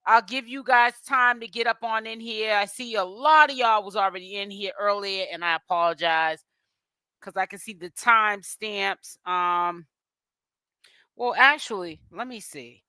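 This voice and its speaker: A woman's voice: mid-range voice, measured pace, sharp tone, clear, resonant tone, dry recording. A woman hosting a live stream, chatting casually and greeting viewers one by one, often stumbling over names. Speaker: livestream host.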